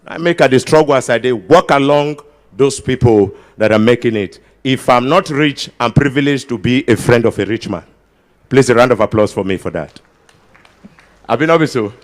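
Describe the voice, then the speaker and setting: A man with a Nigerian accent doing stand-up comedy at a ceremony, bantering with the crowd and slipping into pidgin with sudden loud outbursts. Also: mid-range voice, lively intonation, moderate pace. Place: large ceremony before an audience.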